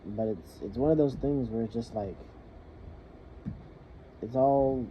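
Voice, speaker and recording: A young man in the military venting about his partner and family in a rambling, halting monologue, swearing freely. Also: medium pitch. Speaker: soldier venting. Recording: muffled lo-fi with faint hiss.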